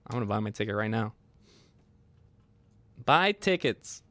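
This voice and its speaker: An excitable young man hosts a casual livestream, laughing often as he talks with his chat. His voice is bright and swings widely in pitch. The sound is dry and close, with no room echo. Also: measured pace. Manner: excitable, laughs often, quotes movie lines in funny voices. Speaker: livestream host.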